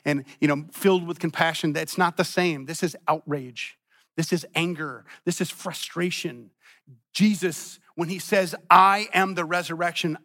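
A man with a high, bright voice preaching a sermon in church. He repeats phrases for emphasis and moves between loud and quiet passages. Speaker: pastor.

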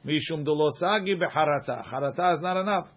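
A man teaching a Talmud class, reading passages aloud and quickly explaining them in English with everyday examples. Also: fairly high pitch, muffled recording.

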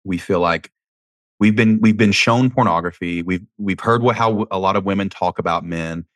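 A man's voice: sits low, moderate pace, dry recording. A young adult man hosting a podcast, giving candid conversational advice and often restarting his words. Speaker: podcast host. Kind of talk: casual advice talk.

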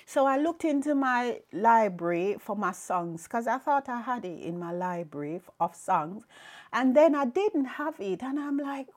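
A woman's voice: on the high side, animated, a little slow. A woman hosting a podcast, telling a personal faith story in an earnest, reflective way. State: tearful, emotional. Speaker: podcast host.

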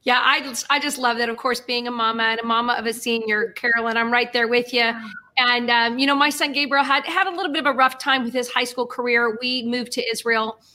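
Bright chatty woman co-host. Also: on the high side, fairly even intonation, a little fast. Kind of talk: casual faith podcast chat.

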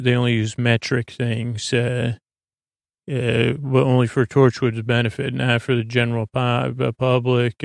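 A man with a gravelly, fry-laden voice rambles through an episode recap, stopping often for fillers. His delivery stays flat and even, and the sound is dry and close to the mic. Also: medium pitch, dry recording. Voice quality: gravelly, hesitant with many fillers. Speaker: podcast host recapping an episode.

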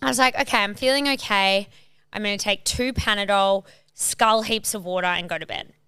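A woman's voice: medium pitch, normal speed, sharp tone, clear, resonant tone, no echo. A young woman co-hosting a podcast, chatting casually and acting out quotes. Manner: chatty, laughing reactions, acts out quotes. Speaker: podcast co-host. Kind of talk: casual chat.

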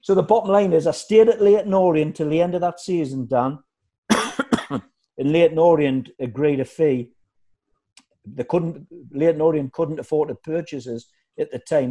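A man telling football stories in casual chat, acting out other people's voices. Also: fairly high pitch. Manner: animated anecdotes, acts out shouting voices. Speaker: former footballer guest.

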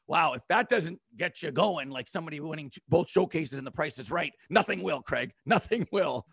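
Gravelly, high-voiced man talking hockey. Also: moderate pace, hardly any pauses, dry recording, studio quality. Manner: enthusiastic, rambling, laughs often. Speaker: podcast co-host. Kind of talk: casual sports chat.

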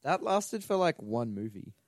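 A man's voice: mid-range voice, very animated, moderate pace, dry recording. A man co-hosting a podcast in casual chat, joking and swearing as he rambles about movies. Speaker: podcast co-host.

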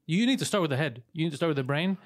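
A man hosting a podcast, teasing his guests in quick casual banter. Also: fairly high pitch, lively intonation. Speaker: podcast host.

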